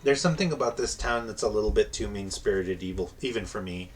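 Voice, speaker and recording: A man's voice: on the low side, fast talker, soft background music. Wry male game streamer. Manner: wry, sarcastic. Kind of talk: live gameplay commentary.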